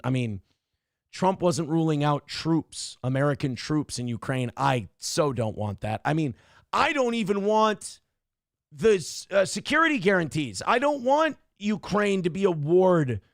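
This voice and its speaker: Gravelly, blunt-talking male show host. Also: high voice, no room sound, studio quality. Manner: blunt, profane and sarcastic. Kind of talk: opinionated news commentary.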